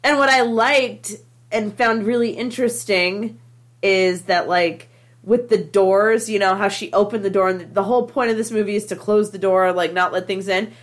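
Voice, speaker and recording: A woman's voice: mid-range voice, fairly even intonation, normal speed. Emphatic woman gushing about a movie. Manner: enthusiastic, emphatic, profane. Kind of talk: casual movie discussion.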